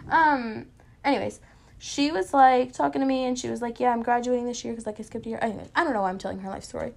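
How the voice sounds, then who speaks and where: A teenage girl tells a rambling everyday story in a casual, chatty way. Her voice sits a little high. She fills her talk with "like" and keeps making fun of herself. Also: quick pace, gravelly. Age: late teens. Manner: chatty, full of "like" and self-mocking asides. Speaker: vlogger.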